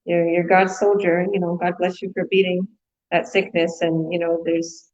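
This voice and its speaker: A woman's voice: lowish voice, flat delivery, normal speed, a little mellow, lo-fi sound. A woman hosting a casual online business chat, upbeat, encouraging and rambling as she talks. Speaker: host.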